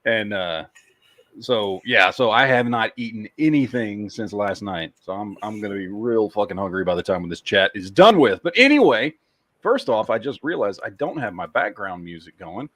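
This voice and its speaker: A man's voice: on the low side, animated, moderate pace, fairly bright tone, no room sound. A man with a Texas accent hosting a casual podcast chat, rambling and swearing freely. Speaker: podcast host.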